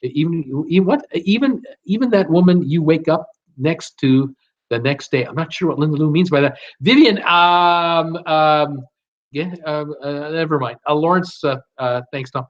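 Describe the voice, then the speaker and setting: A man's voice: on the high side, normal speed. A middle-aged man hosting a live stream, casually reading out viewer comments and answering them with many fillers and restarts. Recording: dull lo-fi stream audio.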